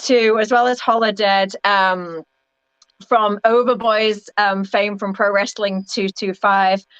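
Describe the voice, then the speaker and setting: An English woman talks loosely and warmly about her work, wandering through her thoughts with frequent ums. Her voice sits at an ordinary middle pitch. The audio is dull, lo-fi and bone dry. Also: smooth, no echo. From England. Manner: chatty, rambling, hesitant with many ums. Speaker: wrestling ring announcer and referee, guest. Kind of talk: casual interview chat.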